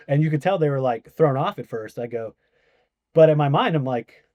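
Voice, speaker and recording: A man guest on a podcast, casually telling a story, animated and swearing, acting out quoted voices. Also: mid-range voice, fast talker, dry recording.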